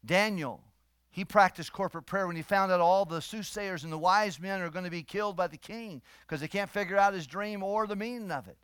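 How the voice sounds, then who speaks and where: A man in middle age preaches with fervor, dropping low and quiet, then rising loud and emphatic. His voice sits a little high for a man. The sound is dry and close, with no room around it. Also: brisk, smooth, no room sound. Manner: emphatic preaching, swings between soft and loud. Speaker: pastor. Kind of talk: sermon.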